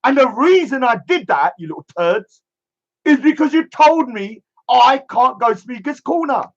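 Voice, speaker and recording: A man with a notably high voice rants in a scornful, emphatic monologue, hammering the same catchphrase over and over. The sound is dull and lo-fi. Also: sing-song, moderate pace. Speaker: streamer. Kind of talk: ranting monologue.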